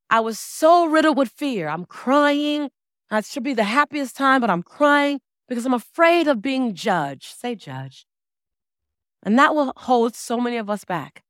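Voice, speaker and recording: A woman in her forties delivers a motivational speech from a stage, her voice sitting fairly high. She tells her story with theatrical flair, acts out the people she quotes, and hammers home phrases by repeating them. The sound is close and dry, with no room around it. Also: fairly bright tone, dry recording. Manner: dramatic storytelling, acting out quoted dialogue; emphatic, repeats key phrases. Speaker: motivational speaker. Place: stage before a live audience.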